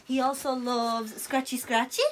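A woman's voice: high voice, flat delivery, moderate pace, slight background noise. Playful young woman talking to her dog. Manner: playful baby talk to a dog, frequent laughter. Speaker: vlogger showing her dog. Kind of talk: casual chat with her pet.

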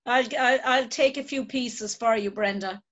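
A woman's voice: a little high, moderate pace, fairly bright tone, muffled recording. A woman with an Irish accent hosting an interview over a video call, asking questions in a friendly, conversational way. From Ireland. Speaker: host.

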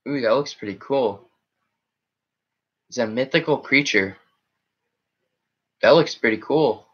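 A man drawls through a casual live stream, wandering from one chat comment to the next. His relaxed, unhurried talk sits in a muffled, lo-fi recording picked up at a webcam setup. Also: mid-range voice, breathy edge. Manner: rambling, reacting to chat comments.

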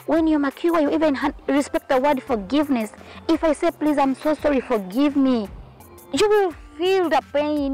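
A woman's voice: fairly high pitch, darkish tone, poor audio. A woman vlogger talking straight to her viewers in an outspoken, scolding way. She is sweating in the heat as she talks. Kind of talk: casual vlog rant.

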